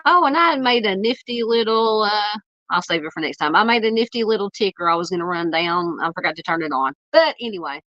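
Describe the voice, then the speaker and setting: A woman with a Southern American drawl and a scratchy, nasal voice hosts a casual live stream, rambling warmly through fillers as she reads chat aloud. The mic is dull and lo-fi, with a dry, close sound and no room echo. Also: mid-range voice, lively intonation, brisk. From Southern United States. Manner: rambling, filler-heavy, thanking viewers. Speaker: true crime live stream host.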